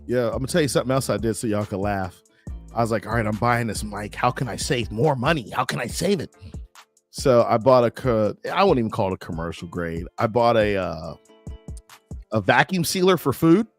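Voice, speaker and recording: Guy co-hosting a live stream, telling stories all animated, faint music behind. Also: brisk. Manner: animated storyteller, jumps into high voices when quoting people. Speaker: co-host. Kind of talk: casual chat. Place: home studio on a live stream.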